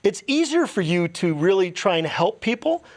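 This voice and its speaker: A man's voice: high-pitched, sing-song, moderate pace. A middle-aged man hosting a casual podcast interview, jumping in with teasing jokes. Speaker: podcast host.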